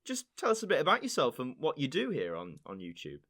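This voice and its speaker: A man's voice: medium pitch, wildly swooping pitch, fast, fairly bright tone. A man hosting a podcast, chatting casually with a guest and laughing often. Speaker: podcast host. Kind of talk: casual interview chat.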